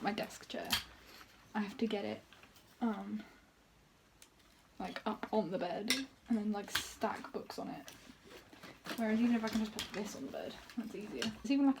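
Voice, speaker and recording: A woman's voice: mid-range voice, fairly quick, pauses often, a little mellow, a little hiss or hum. Chatty Southern English woman vlogging. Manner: chatty and rambling, laughs often, sometimes drops to a whisper. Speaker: book vlogger. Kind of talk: casual vlog chat. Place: at home, moving between rooms.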